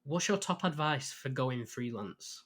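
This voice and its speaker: Male podcast host, mid-pitched, easygoing and friendly. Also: expressive, measured pace, a bit bright, breathy edge. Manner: friendly, laughs along, asks set questions. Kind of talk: casual podcast interview.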